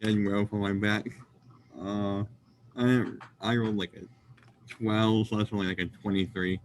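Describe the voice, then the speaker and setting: A man's voice: fairly low pitch, little pitch movement, measured pace, slight background noise. A man playing in a tabletop game, talking in a casual, matter-of-fact way about what his character does. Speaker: player.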